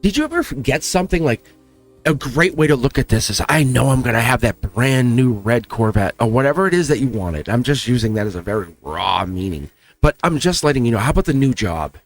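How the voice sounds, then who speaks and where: A man's voice: mid-range voice, lively intonation, a little fast, soft background music. A man hosting a tarot channel, giving an earnest, emotional spiritual pep talk straight to his viewers, near tears and repeating himself. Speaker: tarot reader, channel host.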